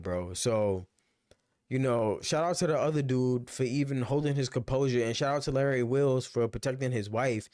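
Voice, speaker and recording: A man's voice: medium pitch, darkish tone, no room sound, clean studio sound. A man giving casual, rambling reaction commentary on a streaming clip, often saying "bro" and "you know".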